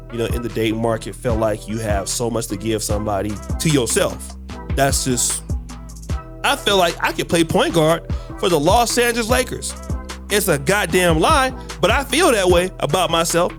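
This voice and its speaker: A man hosting reaction commentary, blunt and rambling as he lectures. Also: a little high. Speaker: host.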